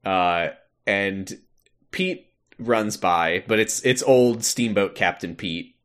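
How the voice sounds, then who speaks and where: A man's voice: lowish voice, takes it slowly, fairly bright tone. A man co-hosting a podcast, chatting casually while recapping a video game, laughing often and dropping into silly voices when he quotes characters. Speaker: podcast co-host.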